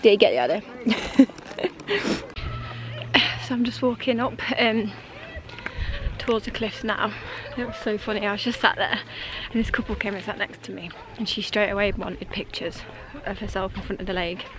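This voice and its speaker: A woman's voice: medium pitch, a little fast. A young woman, chatting casually to a handheld camera while on a coastal boat trip. She talks in a chatty, giggly way and keeps saying things are little and lovely. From England. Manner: chatty, giggly, often says "little" and "love it". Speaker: travel vlogger. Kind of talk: casual vlog narration. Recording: noisy outdoor ambience with boat sounds.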